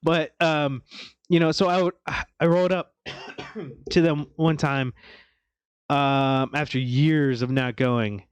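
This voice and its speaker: A man co-hosting a casual podcast, telling stories loosely with swearing and excited outbursts. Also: fairly high pitch, slow pace, long pauses, smooth, dry recording. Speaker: podcast co-host. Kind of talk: casual chat.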